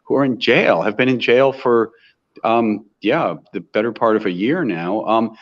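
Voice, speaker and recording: A man's voice: on the low side, unhurried, dull audio. An American man talking earnestly in an interview, often restarting his sentences as he builds his point. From United States. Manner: earnest, impassioned, with frequent restarts. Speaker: interview guest. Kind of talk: conversational interview.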